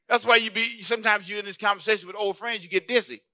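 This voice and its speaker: A man's voice: high-pitched, sharp tone, slight background noise. A man preaching a sermon as pastor, playful and calling out to his congregation for responses.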